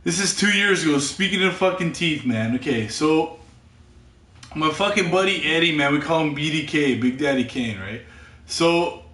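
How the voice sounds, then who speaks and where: A man telling a story casually, rambling, repeating himself and swearing constantly, sometimes getting loud and excited. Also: fairly high pitch, moderate pace, reverberant, recorded from a distance. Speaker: podcast storyteller.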